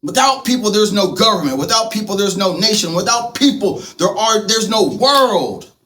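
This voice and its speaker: A man delivering a fervent, profane political monologue that swings between loud outbursts and soft asides. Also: sits high, animated, moderate pace. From United States. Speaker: political vlogger. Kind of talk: impassioned monologue.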